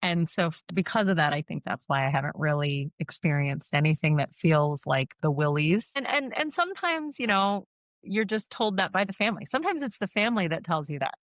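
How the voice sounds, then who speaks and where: A woman's voice: lowish voice, expressive, fairly quick, dry recording. A woman in her thirties, a mortician, talking candidly and laughing often in a casual interview. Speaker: guest, mortician and funeral director.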